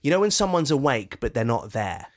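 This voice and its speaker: A man co-hosting a comedic podcast, chatting loosely and jumping into exaggerated voices. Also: a little fast. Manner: animated, jumps into high exaggerated voices for impressions. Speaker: podcast co-host. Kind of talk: casual comedic chat.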